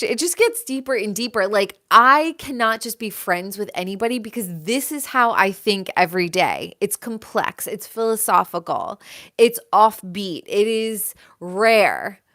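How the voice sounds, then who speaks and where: Bright-voiced woman hosting a livestream. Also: fairly high pitch. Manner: rambling and emphatic, with filler "like". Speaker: host of a live show. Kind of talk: casual livestream monologue.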